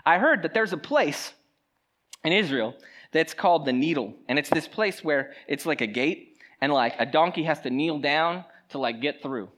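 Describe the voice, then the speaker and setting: Lively, joking preacher. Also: mid-range voice, moderate pace. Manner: conversational and animated, with joking asides. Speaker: pastor. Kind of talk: sermon.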